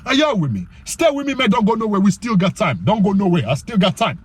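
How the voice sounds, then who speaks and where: Husky, high-pitched man preaching animatedly. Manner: animated and emphatic, often asks "you know what I'm saying?"; reads scripture aloud slowly in old-style wording. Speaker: YouTuber giving faith-based self-control advice. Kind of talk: preachy motivational monologue.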